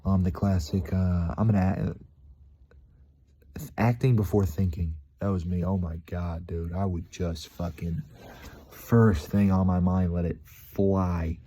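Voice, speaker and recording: A young man with a low voice rambles loosely to his viewers, scattering fillers and "dude" through every thought. His tone is dark and mellow, relaxed and unpolished. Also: unhurried. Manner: rambling and slangy, many fillers, says "dude". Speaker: vlogger. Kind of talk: casual vlog monologue.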